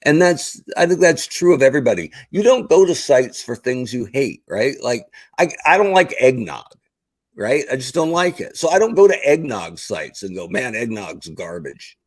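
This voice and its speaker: Husky, animated middle-aged man. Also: mid-range voice, normal speed, no room sound, poor audio. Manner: animated storyteller, acts out quoted exchanges. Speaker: guest. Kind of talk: casual podcast chat.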